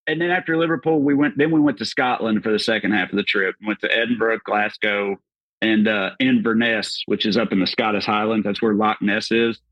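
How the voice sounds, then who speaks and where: A man's voice: on the low side, steady tone, a little fast, dry recording, lo-fi sound. A man with a Southern American accent, a comedian guest telling a rambling, profane travel story in casual chat. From Southern United States.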